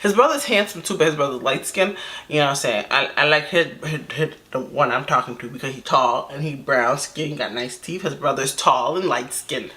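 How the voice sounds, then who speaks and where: A woman's voice: extremely low pitch, lively intonation, a little fast, fairly bright tone. A woman vlogger telling a personal story in a rambling, slangy, casual way. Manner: rambling, slangy, lots of fillers and asides.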